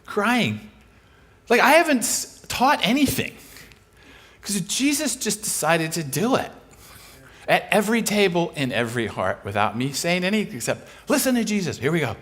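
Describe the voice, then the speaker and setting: A man with a high-pitched voice preaches from a church stage into a microphone. He tells his stories with animation and slips into different voices for each character's lines. The delivery is lively throughout. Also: normal speed. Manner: animated, acts out dialogue in shifting voices. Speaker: guest preacher. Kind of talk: sermon storytelling. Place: large church auditorium.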